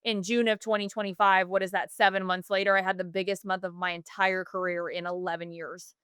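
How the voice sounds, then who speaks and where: A woman's voice: mid-range voice, flat delivery, brisk, fairly bright tone, clean tone, no echo, clean studio sound. A woman in her thirties, a podcast guest, telling a personal story earnestly, with many fillers and self-corrections. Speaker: podcast guest, business founder.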